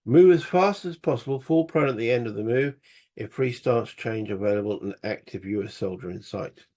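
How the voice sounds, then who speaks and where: A man's voice: mid-range voice, normal speed, warm tone. A man playing a solo board game, muttering rule passages aloud and thinking through each move. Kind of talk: casual solo wargame playthrough.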